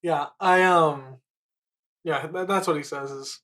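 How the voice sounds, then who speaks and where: A player in a tabletop game, speaking slowly and hesitantly with many restarts. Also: medium pitch, a bit bright. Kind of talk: casual tabletop chat.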